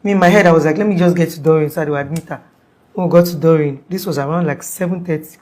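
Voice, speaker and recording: A woman's voice: low-pitched, rapid-fire, darkish tone. A young Nigerian woman giving a rambling, conversational interview account, full of "like" fillers and restarts. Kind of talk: casual spoken account.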